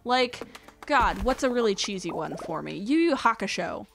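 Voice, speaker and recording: A woman's voice: medium pitch, animated, moderate pace, gravelly, a bit bright, soft background music. A young woman hosting a let's play, rambling casually as she plays, counting aloud and drifting into whispered asides. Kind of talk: casual gameplay commentary.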